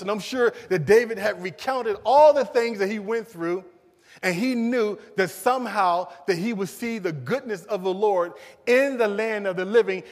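A man preaching a sermon, moving from loud emphasis to hushed pleading. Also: sits high, in a large hall.

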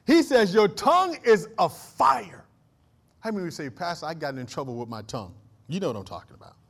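A man's voice: on the high side, big pitch swings, very fast. A man preaching a sermon as pastor, calling on the congregation to answer and building to emphatic declarations. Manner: call-and-response preaching, rising to emphatic declarations. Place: church.

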